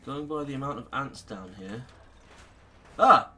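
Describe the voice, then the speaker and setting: A man's voice: mid-range voice, a little fast, pushed and bright, slight background noise. British man giving sarcastic game commentary. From Britain. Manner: sarcastic, swears freely, mutters to himself. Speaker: let's play host. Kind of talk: casual gameplay commentary.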